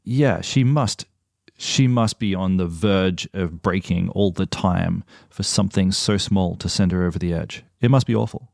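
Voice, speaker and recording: Deep gravelly male podcast host. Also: moderate pace, darkish tone, dry recording, studio quality. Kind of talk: conversational interview.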